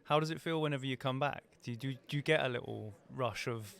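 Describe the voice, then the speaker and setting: A man hosting a podcast, asking quick, friendly interview questions and filling in with "yeah, yeah". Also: mid-range voice, gravelly, a bit bright. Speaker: podcast host.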